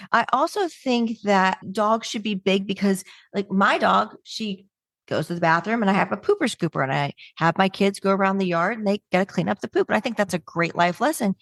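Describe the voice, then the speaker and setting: A middle-aged woman gives a webinar talk on humor in a stand-up comedy style, brash, joking, and punchy. Her mid-range voice has vocal fry, captured in a dry, studio-quality recording.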